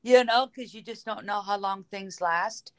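A woman's voice: mid-range voice, moderate pace. Woman calling into a talk show, earnest, kinda rambling. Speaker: caller.

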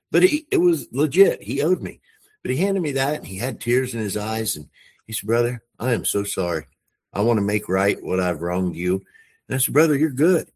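A man's voice: on the low side, husky. A man on a talk show telling an earnest personal story in a casual, emotional way.

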